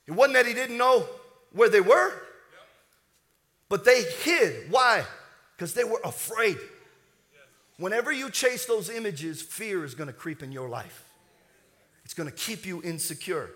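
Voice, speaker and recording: A man's voice: high voice, big pitch swings, unhurried, pauses often, bright, forceful tone. A man preaching a sermon as pastor, building with rising fervor and leading the congregation in call-and-response.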